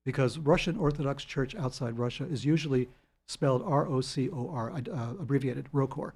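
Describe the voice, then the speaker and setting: An older man, telling long anecdotes as a guest in an interview, animated and chuckling. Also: mid-range voice, a little fast, breathy edge. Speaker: guest author. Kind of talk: storytelling interview.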